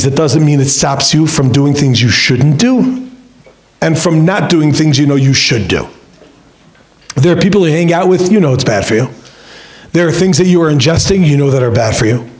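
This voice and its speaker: A middle-aged man speaks as a rabbi in a seminar room, his voice sitting a little high for a man. He talks in an animated, joking way, tells stories to young students and acts out the lines he quotes with big jumps in pitch. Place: lecture room with an audience.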